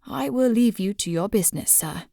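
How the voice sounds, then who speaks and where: A proper older butler, voiced by a woman narrator in an audiobook, every word carefully measured and polite, softer than the narration, on a dry close mic. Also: medium pitch, expressive, creaky, dry recording. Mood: deferential. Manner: measured, deferential.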